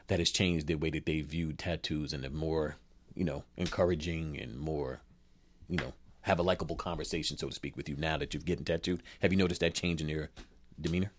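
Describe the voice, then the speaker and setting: A man hosting a podcast, asking long winding questions and acknowledging answers often. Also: a bass voice. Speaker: podcast host. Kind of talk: interviewing guests.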